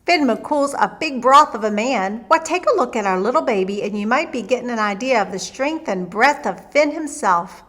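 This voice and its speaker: A woman's voice: fairly high pitch, lively intonation, moderate pace, few pauses, fairly bright tone. A woman voicing a clever giant's wife who talks sweetly and coaxingly. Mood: honeyed. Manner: coaxing, honeyed.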